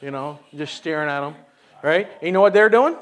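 A man's voice: a little high, animated, fairly quick. A man preaching a casual sermon at a church service, chatty and exclaiming, often asking "you know?". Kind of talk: folksy conversational sermon.

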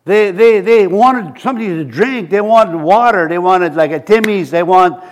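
A man preaching a sermon, halting and repeating words, acting out quotes from scripture characters. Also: sits high.

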